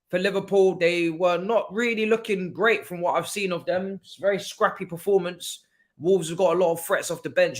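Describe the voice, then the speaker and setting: A man with a slightly high voice hosts a live football watchalong. He talks casually between plays and gets loud and excited when something big happens. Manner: excitable, jumps from calm chat to loud cheering. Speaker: livestream watchalong host.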